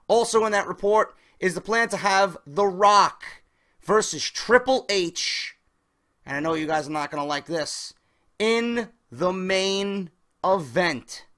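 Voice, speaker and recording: A man's voice: sits high, a bit bright. A man reading wrestling news and giving his opinions in a casual, emphatic way, stressing key words and talking straight to his viewers.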